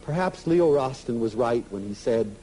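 A man giving an inspirational public lecture, emphatic and animated, acting out little dialogues as he speaks. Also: medium pitch, moderate pace, low-quality recording. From United States.

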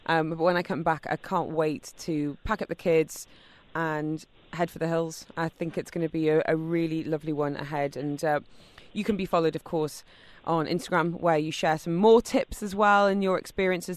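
A woman's voice: low voice, steady tone, brisk. A woman hosting a radio chat show, talking with gushing enthusiasm about food and camping.

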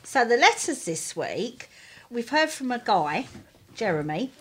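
A woman co-host with a slightly high, animated voice reads listeners' letters aloud. She adds friendly, reassuring comments in a casual chat. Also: unhurried, slightly rough. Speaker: podcast co-host.

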